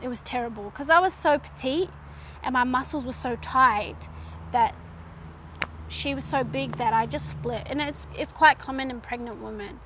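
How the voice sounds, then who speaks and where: A young woman telling a personal story in a casual vlog, animated and chatty, full of "like" and "um" and acting out her own past lines. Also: high-pitched, normal speed, noisy background. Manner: chatty with fillers like "like" and "um". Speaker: vlogger.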